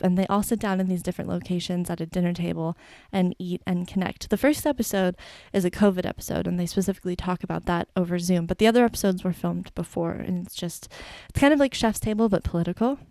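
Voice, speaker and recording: A woman podcaster riffing through her segment in casual, irreverent chat, laughing easily and dropping the odd swear. Her voice is mellow and warm rather than bright, at a middle pitch. The recording is dry and close, with no room sound. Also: no room sound. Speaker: podcast co-host.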